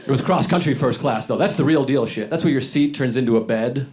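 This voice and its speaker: A man doing a stand-up comedy set on stage, grumbling and deadpan, acting out bits in put-on voices. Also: medium pitch, fairly quick, noisy background. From New York. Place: comedy club stage before a laughing audience. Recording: live set with loud audience laughter.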